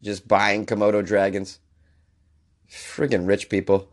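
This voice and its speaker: A man's voice: lowish voice, completely flat delivery, measured pace. A man hosting a comedic news podcast, under the weather, reading stories and ranting in exasperation. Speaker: podcast host.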